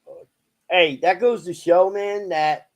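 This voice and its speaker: A man's voice: high voice, steady tone, slow pace, muffled recording. A young adult man talking casually to viewers, swearing a lot, joking and rambling with many fillers. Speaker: vlogger.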